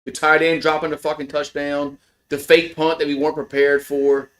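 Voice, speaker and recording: Male fan-commentator, a bit high, rambling, sweary, spikes on big plays. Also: little pitch movement, normal speed, a bit bright. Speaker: livestream play-by-play host. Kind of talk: casual play-by-play commentary.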